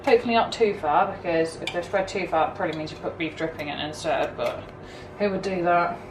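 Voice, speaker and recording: A woman's voice: fairly low pitch, a little fast, noisy background. Chatty woman baking at home. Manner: chatty, self-deprecating, talks while baking. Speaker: vlogger. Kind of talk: casual cooking vlog. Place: home kitchen.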